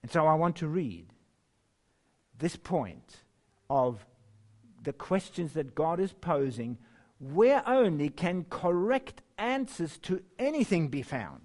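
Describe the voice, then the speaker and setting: A man preaching a sermon and reading scripture, slow and emphatic, with wide swings in pitch and loudness and the odd chuckle. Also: big pitch swings. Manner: chuckles now and then.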